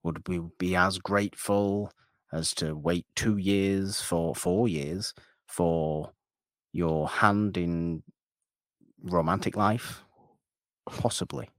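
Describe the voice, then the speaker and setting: A man's voice: deep voice, steady tone, takes it slowly, long pauses, fairly bright tone, no echo, studio quality. A man co-hosting a podcast in casual chat, playful and rambling, mocking himself. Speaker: podcast co-host.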